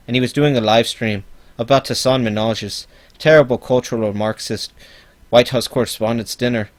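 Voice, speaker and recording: A man's voice: medium pitch, natural voice. A man doing a parody impression of a smug, preachy male online commentator who keeps begging for donations. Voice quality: pompous, preachy. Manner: self-promoting, repeats donation pleas.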